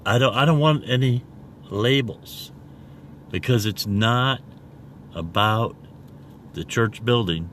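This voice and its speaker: Slow-talking man preaching to camera. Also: on the low side, a bit bright, slight background noise. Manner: rambling, repeats "okay?" after each point; spells words out slowly letter by letter. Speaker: self-made online preacher. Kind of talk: casual video review and preaching.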